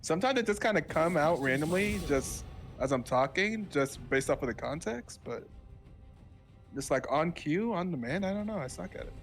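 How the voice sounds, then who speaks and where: A man's voice: on the high side, expressive, moderate pace, soft background music. A man from the southern United States casting an esports match in a casual, rambling way, full of fillers and self-corrections. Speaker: esports shoutcaster. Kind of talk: casual live esports commentary.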